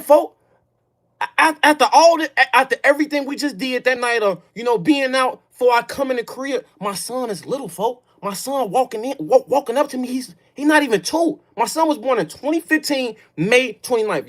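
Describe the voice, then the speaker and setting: This man talks with a Chicago accent and tells a story on his stream. He speaks in casual, profane street slang, dropping "folk" and "bro" between phrases. He sinks into low brooding murmurs, then breaks into loud, raised outbursts. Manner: emphatic, profane street talk, peppers lines with "folk" and "bro". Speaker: livestream host. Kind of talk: casual storytelling to a live audience.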